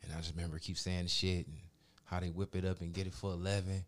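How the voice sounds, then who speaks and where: A man telling a story in casual podcast chat, profane and animated, acting out the people he quotes. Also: low-pitched, fast.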